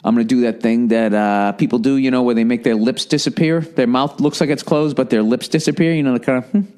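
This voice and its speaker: Here a podcast host talks a bit fast in a medium-pitched, slightly mellow voice with fairly even intonation. Alone at the mic, he delivers a rambling, sardonic rant full of swearing.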